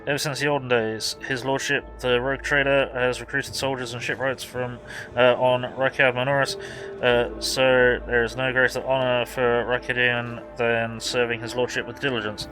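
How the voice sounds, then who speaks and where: A man's voice: medium pitch, level tone, normal speed, music in the background, natural voice, poor audio. A man voicing a brash, loyal male soldier sergeant who barks his orders and reports. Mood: proud. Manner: barking, militaristic.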